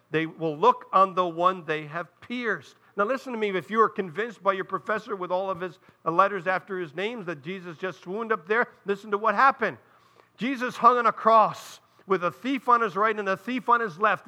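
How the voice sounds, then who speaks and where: A pastor in the pulpit delivers a sermon in an earnest, explanatory manner, often turning to his congregation with direct asides. His voice sits high for a man and rings very bright and sharp.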